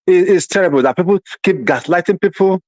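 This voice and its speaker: Animated high-voiced man calling in. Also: fast talker, no room sound. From United States. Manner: animated, repetitive, voices others' reactions. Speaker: caller. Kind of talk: casual talk show call.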